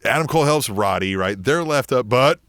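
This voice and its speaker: A man with a mid-range voice talks a little fast, recorded dry with clean studio sound. Co-hosting a wrestling podcast, he casually recaps matches, animatedly acts out what the wrestlers said, and swears now and then.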